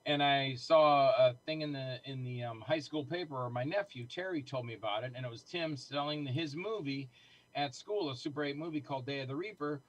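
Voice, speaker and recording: A middle-aged man telling stories in casual conversation, animated and acting out the voices of people he quotes. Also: medium pitch, brisk, low-quality recording. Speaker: guest filmmaker. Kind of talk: casual storytelling.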